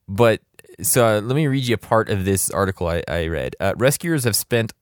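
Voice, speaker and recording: A man's voice: fairly low pitch, no echo, clean studio sound. A man hosting a podcast in a casual, joking chat and laughing often. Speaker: podcast host.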